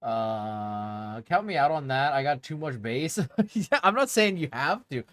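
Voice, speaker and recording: A man's voice: medium pitch, very animated, a little slow, a bit bright, dry recording. A young man streaming and chatting casually with his viewers in a rambling way, laughing often.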